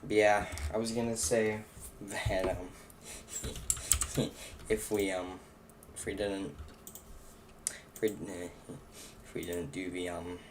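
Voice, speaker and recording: A man's voice: low-pitched, little pitch movement, takes it slowly, pauses often, background noise. A young man live-streaming a game, chatting casually and rambling to himself and his cat. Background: keyboard clicks and typing.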